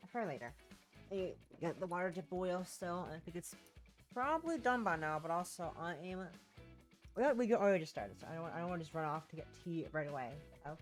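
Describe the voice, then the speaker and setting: A woman with a sore throat, streaming a game from home and chatting casually in a rambling, self-interrupting way. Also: on the low side. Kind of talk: casual gameplay chat.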